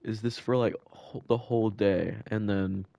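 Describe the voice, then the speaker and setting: A teen boy co-hosting a podcast laughs and rambles through casual school stories, full of fillers and restarts. His male voice is fairly low, gravelly and dark in tone, holding steady at a normal speed.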